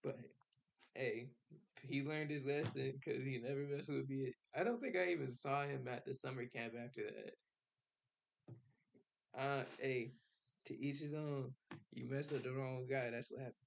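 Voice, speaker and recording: A man's voice: mid-range voice, fairly even intonation, normal speed, creaky, long pauses. A young man hosting a podcast, telling a personal story in casual slang, swearing and laughing as he goes. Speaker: podcast host.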